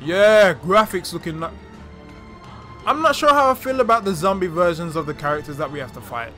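A woman's voice: on the low side, lively intonation, fairly quick, fairly bright tone. A woman doing playful, joking gameplay commentary as a gaming channel host. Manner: joking, bantering, breaks into silly song. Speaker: gaming YouTuber. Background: game music.

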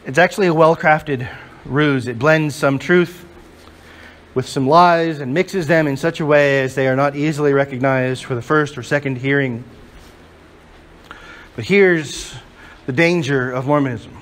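A man's voice: on the high side, measured pace, a bit bright. A male pastor preaching a sermon to a congregation in church, emphatic and full of rhetorical questions.

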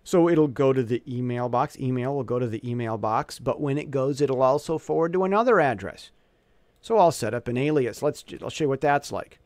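A man giving a casual software walkthrough, thinking aloud as he clicks through, often restarting and correcting himself. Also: mid-range voice, lively intonation, brisk, no echo. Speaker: tutorial presenter.

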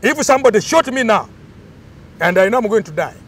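A man's voice: high-pitched, very animated, a little fast, a little hiss or hum. An older man, explaining cultural traditions in an emphatic, storytelling way during an interview.

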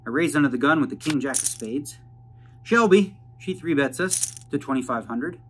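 Amid background noise, a man narrating his poker vlog chats casually through hand breakdowns, rambling and heavy on jargon. He speaks at normal speed with a slightly high, a bit bright voice and lively intonation.

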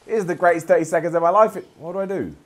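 A man's voice: sits high, very fast. A man giving self-deprecating, sweary commentary while playing a video game. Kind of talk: gameplay commentary.

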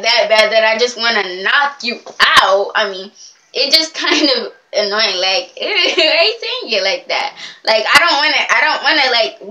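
Young woman, casual vlog chat, giggly and rambling, lively swooping voice, bright tone. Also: a little high. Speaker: vlogger.

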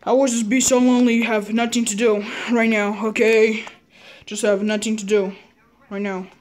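A woman's voice: a little high, level tone, moderate pace, darkish tone, slight background noise. A woman rambling playfully into a phone or laptop mic while trying out a camera app, often repeating herself and saying okay.

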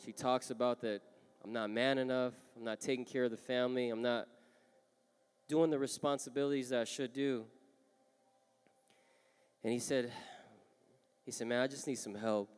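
A man preaching a sermon, moving from soft-spoken storytelling to loud, impassioned calls. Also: mid-range voice, fairly even intonation, moderate pace, pauses often, smooth. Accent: Southern Californian. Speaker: pastor. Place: large church hall. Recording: long hall reverb, live church. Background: music playing.

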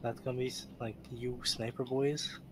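A man playing an online match with friends, making relaxed, dry callouts. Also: mid-range voice, moderate pace, a loud crowd. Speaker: gaming friend. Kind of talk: casual gameplay chat.

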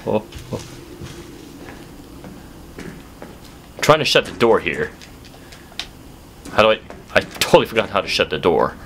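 A man giving horror game let's play commentary, talking to his viewers and swinging from low muttering to sudden yelping shouts. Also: very animated, a little slow, creaky, long pauses, slight background noise.

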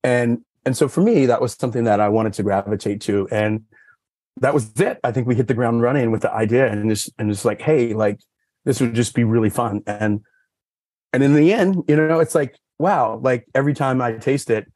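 A man's voice: brisk, a little mellow, dry recording. A man who is a sommelier, telling stories as a podcast guest in casual chat, with lots of "you know" and "like", acting out quoted dialogue. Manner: rambling storyteller, many fillers like "you know" and "like"; acts out quoted dialogue with raised pitch.

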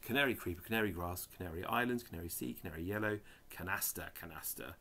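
A man's voice: sits low, quick pace, bright, forceful tone, a little hiss or hum. A man reading dictionary headwords aloud one by one, adding muttered, dry asides. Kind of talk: casual reading of word lists.

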